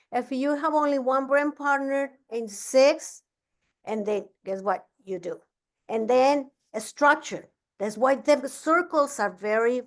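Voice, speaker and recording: A woman giving a casual training talk as a business coach, energetic and often restarting her sentences. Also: fairly high pitch. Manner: energetic, repeats herself, frequent restarts.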